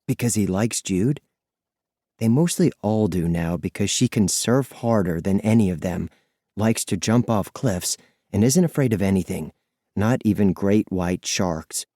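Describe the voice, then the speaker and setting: A man narrating an audiobook in the first person, expressive and lively in his storytelling. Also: lowish voice, a little slow, dry recording, clean studio sound.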